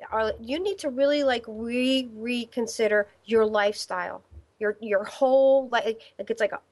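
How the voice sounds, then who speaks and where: A woman's voice: on the high side, normal speed, darkish tone. Rambling woman hosting a live call-in show. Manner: rambling, many fillers and restarts. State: stiff neck. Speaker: psychic medium show host.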